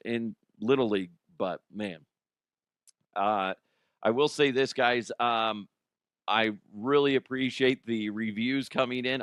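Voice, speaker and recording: A man's voice: medium pitch, clear, resonant tone, no echo, clean studio sound. A middle-aged man hosting a solo comedy podcast, rambling and self-mocking as he tells stories and laughs at his own jokes. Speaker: podcast host.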